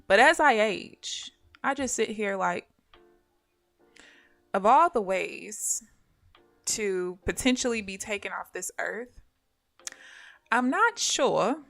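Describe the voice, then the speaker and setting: A woman live-streaming her day trading talks in a bright, forceful voice, chatting casually with her viewers. She tells stories with lots of energy and laughter while commenting on her trades. Faint music plays in the background. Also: medium pitch, vocal fry. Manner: animated storyteller who addresses viewers as "y'all" and laughs often.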